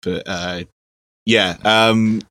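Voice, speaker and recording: A man's voice: fairly low pitch, fairly even intonation, extremely slow, sharp tone, no echo. A man co-hosting a podcast, chatting casually and hesitantly with many ums. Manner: rambling, hesitant with many ums, reads facts aloud. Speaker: podcast co-host. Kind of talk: casual chat.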